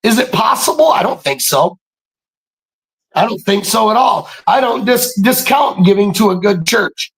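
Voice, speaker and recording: A man telling stories in a casual monologue, animated and preachy, swearing freely and often breaking into shouts. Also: sits high, a little slow, rough recording. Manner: profane, streetwise slang. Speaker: podcast speaker.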